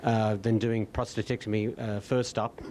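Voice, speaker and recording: A man in the audience asks a question at a meeting. He talks in a halting way, full of fillers. A faint low rumble runs under his voice. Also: level tone, darkish tone. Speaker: audience member asking a question. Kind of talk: question from the floor. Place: meeting room.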